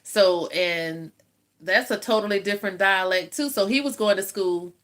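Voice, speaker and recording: Speaking at a moderate pace in a mid-range voice, this older Southern US woman eats on a live stream while chatting casually with viewers. She tells stories and laughs a lot.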